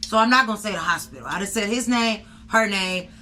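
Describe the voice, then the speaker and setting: A woman's voice: medium pitch, fast, bright, forceful tone. A woman co-hosting a casual podcast, telling news stories in a blunt, profane, jokey way. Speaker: podcast co-host. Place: indoor podcast set.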